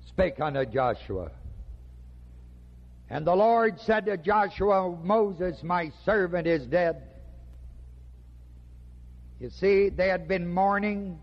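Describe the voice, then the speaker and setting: A man preaching a sermon slowly and emphatically, with dramatic pauses. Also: high-pitched, lively intonation. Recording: dull lo-fi recording with long hall reverb.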